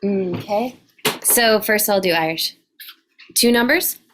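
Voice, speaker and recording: A woman's voice: medium pitch, slow, noisy background. A woman from New York, an audience participant, chatting playfully and casually on a video call.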